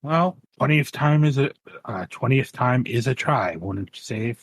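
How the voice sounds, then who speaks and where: A man's voice: medium pitch, expressive, a little slow, dry recording. A man voicing a bitter, down-on-his-luck young man, half gooey creature, who rambles in a wry, self-mocking way.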